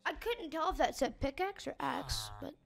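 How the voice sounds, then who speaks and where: A woman giving casual gameplay commentary, chatting as she plays and yelling at the in-game animals and villagers. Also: high voice, wildly swooping pitch, moderate pace, gravelly. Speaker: gamer.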